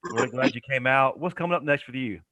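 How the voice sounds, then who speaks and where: Upbeat host, dry sound. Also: male voice, medium pitch, fast, bright, forceful tone, dry recording, dull audio. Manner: laughing, enthusiastic. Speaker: show host. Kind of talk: casual chat.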